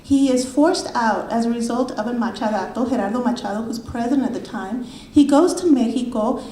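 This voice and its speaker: A middle-aged woman speaks fairly high with a mellow, unforced tone, presenting her book at a library talk. She tells her story with animation and slips into the voices of the people she quotes. The room rings with echo and a faint hum of ambience sits behind her. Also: a little fast. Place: university library event room.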